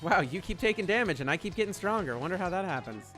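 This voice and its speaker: A male streamer swearing and joking through his gameplay commentary. His pitch swings widely from low mutters to sudden high bursts, and his delivery stays irreverent and playful. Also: big pitch swings, fast, fairly bright tone, soft background music. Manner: profane, jokey.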